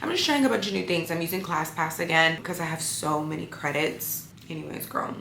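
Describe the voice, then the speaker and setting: A tired woman talks casually straight to her viewers, candid and chatty. Her voice is bright and sits a little low. It is recorded in a roomy space with faint background noise. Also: fairly quick, gravelly. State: sleepy and tired. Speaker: vlogger. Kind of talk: casual vlog talk to camera.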